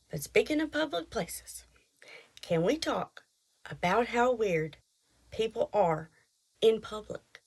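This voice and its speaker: A middle-aged woman, hosting a podcast and chatting through an animated story. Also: mid-range voice. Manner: chatty, animated retelling with quoted voices. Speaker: podcast host. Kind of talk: casual storytelling.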